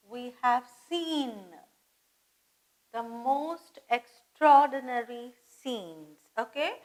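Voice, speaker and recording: A woman teaching English grammar, slow and patient, repeating phrases and spelling words out letter by letter. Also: sits high, low-quality recording. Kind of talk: grammar lesson.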